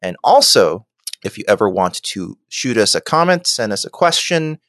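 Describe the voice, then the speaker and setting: A man hosting a casual podcast, chatty and quick to laugh, reading out listener mail. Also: lowish voice, no echo, studio quality. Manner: lively, laughs often, reads listener mail aloud. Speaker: podcast host.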